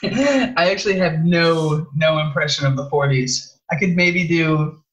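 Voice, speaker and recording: A man's voice: fairly high pitch, unhurried, a bit bright, lo-fi sound, slight background noise. A young man co-hosting a podcast, bantering playfully and laughing. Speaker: podcast co-host. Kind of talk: casual chat.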